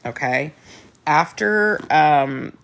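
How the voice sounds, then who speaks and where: A woman's voice: low voice, expressive, extremely slow, creaky, a bit bright. A middle-aged woman hosting a casual live chat, talking candidly and bluntly with frequent restarts and the odd swear word. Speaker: host.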